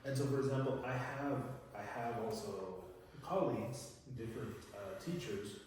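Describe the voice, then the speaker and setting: A man's voice: mid-range voice, normal speed, darkish tone, a little hiss or hum. Male English teacher, casual chatty lesson, lots of "you know", echoey room with long reverb, mic a bit far off. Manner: chatty, tag questions, many fillers and restarts.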